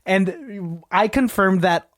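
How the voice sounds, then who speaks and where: A man's voice: high voice, animated, slow, a bit bright, no echo, clean studio sound. A young man co-hosting a podcast, chatting casually and swearing, with a laid-back manner. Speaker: podcast co-host. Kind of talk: casual chat.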